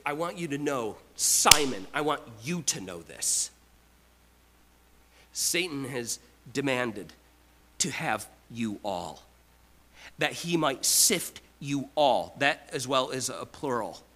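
A man preaching a sermon, emphatic, with repeated restarts, swinging from loud to quiet. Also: medium pitch, animated, slow pace, long pauses, low-quality recording. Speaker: pastor.

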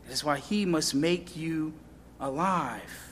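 A man with a high voice delivers a sermon at an unhurried pace. He climbs into loud, pleading questions and then drops low for emphasis. The sound carries a long reverb tail, as in a large hall. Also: slight background noise. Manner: impassioned preaching, rising to loud questions and dropping low. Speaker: pastor.

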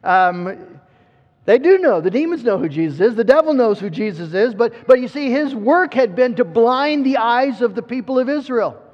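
High-voiced man preaching in a hall. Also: animated, normal speed. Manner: earnest, repeats words as he restarts. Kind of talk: sermon. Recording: muffled sound with long hall reverb.

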